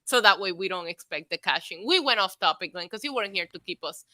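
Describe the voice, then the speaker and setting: A woman's voice: medium pitch, animated, fast talker, sharp tone, no room sound. A woman co-hosting a podcast in casual chat, talkative and analytical. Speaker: podcast co-host.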